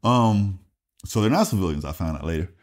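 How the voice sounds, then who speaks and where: A man's voice: deep voice, brisk. A man in his late forties from South Carolina, a retired Air Force master sergeant telling stories as a guest, swearing freely and acting out the dialogue. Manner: animated, profane storyteller acting out dialogue. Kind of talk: casual storytelling interview.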